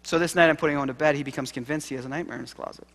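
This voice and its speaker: A man, a seminary professor, giving a keynote lecture, telling stories with animated, self-deprecating humor. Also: on the high side, rapid-fire. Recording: long hall reverb.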